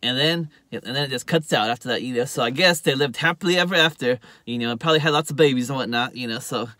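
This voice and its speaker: A TV show reviewer rambles casually through an episode recap, packing his talk with "uh" and "you know" and performing quoted lines louder and higher. He talks fast, with no room sound.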